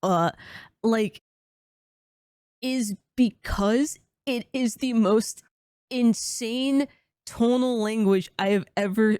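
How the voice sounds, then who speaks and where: A woman's voice: a little high, slow, long pauses, darkish tone, clean tone, no echo, studio quality. A woman co-hosting a casual podcast, talking bluntly and emphatically with frequent swearing. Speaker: podcast co-host.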